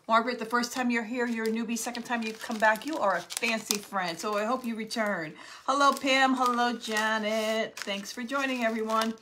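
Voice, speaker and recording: A woman's voice: fairly high pitch, background noise. A middle-aged woman from New Jersey hosting a live crafting stream from her home craft room, chatting and greeting viewers by name. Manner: chatty, warmly greets viewers by name, gasps and laughs often. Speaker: craft livestream host.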